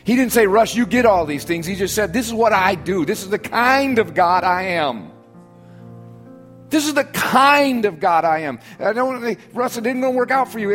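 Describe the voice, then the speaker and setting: High-voiced preaching man, soft low asides. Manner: preaching with sudden drops to soft, low, intimate asides and emphatic repetition. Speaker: pastor. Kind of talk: sermon.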